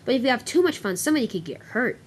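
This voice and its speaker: A gentle old male tram engine from a toy-train story, full of mild encouragement, voiced by a woman. The voice is high-ish and lively in its rises and falls. He sounds patient and wise. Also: very fast, a little hiss or hum. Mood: kindly.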